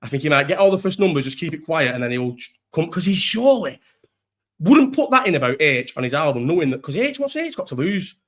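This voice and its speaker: A young Scouse man talks at a quick clip on his live stream, tumbling through loose, rambling thoughts. His voice sits a little high for a man, and he swears freely and keeps starting over mid-sentence. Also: very animated, a bit bright. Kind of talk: casual live-stream chat.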